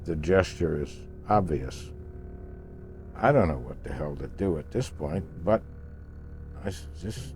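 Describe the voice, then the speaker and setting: Older man, casual storyteller, mellow tone, halting delivery. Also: rumbling low, lively intonation, slight background noise. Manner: halting, repeats words when searching for them. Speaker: interviewee recounting a past voyage.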